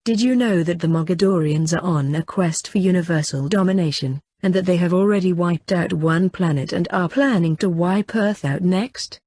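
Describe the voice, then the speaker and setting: A woman reading the lines of a nerdy teenage boy who loves conspiracy theories, in an eager, slow and deliberate way, in an audiobook. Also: lowish voice, darkish tone, no echo, clean studio sound, natural voice.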